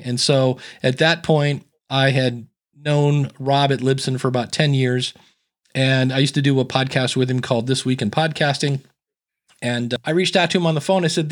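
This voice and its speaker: A man's voice: medium pitch, moderate pace. A man being interviewed as a guest on a podcast, chatting casually and acting out the dialogue in his stories. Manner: chatty storyteller who acts out quoted dialogue.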